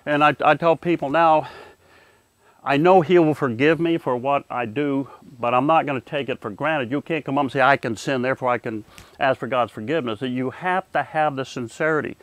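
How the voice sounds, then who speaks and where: An older man telling a personal testimony in an earnest, halting way, often repeating words and dropping quieter at serious points. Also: dry recording. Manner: halting, repeats words while searching for them; earnest, softens and drops low at serious moments. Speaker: war veteran recounting a near-death experience.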